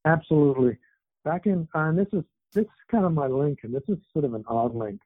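A man's voice: a little high, animated, fast, dry recording. A man in his seventies, an author who was born in England and raised in Canada, chatting in a rambling way with many fillers as an interview guest over a tinny phone line. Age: 70s. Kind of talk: casual interview chat.

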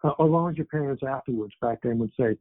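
Husky older man on a phone line. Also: mid-range voice, quick pace, no echo. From born in England, raised in Canada. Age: 70s. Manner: rambling, chatty, many fillers and restarts. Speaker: author and guest. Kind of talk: casual interview chat. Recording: tinny, dry phone line.

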